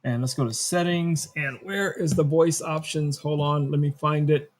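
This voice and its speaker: Male tech streamer, casual live demo, chatty, thinks aloud, slightly high voice. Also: steady tone, normal speed. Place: home studio.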